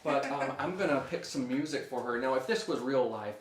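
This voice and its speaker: A man's voice: medium pitch, a little fast, slight background noise. A young man teaching a music lesson for children, upbeat and leading the kids in call-and-response. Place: room at home. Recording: echoey room.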